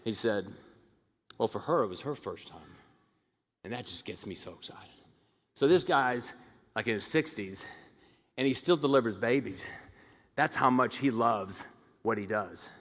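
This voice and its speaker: A man's voice: medium pitch, unhurried, pauses often. A middle-aged man giving a commencement speech as a hospital administrator, telling stories and acting out the voices of the people in them, with frequent restarts. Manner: animated storyteller who acts out quoted voices, frequent restarts. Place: large ceremony hall. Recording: long reverb of a large hall.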